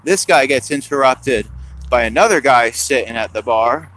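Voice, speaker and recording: A man rambling through improvised stand-up jokes and stories in a halting, meandering way. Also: mid-range voice, expressive, a bit bright, low-quality recording.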